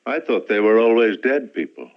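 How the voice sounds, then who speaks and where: An actor playing a skeptical middle-aged police inspector who asks brisk, doubtful questions. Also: male voice, lowish voice, natural voice. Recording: dull old film soundtrack.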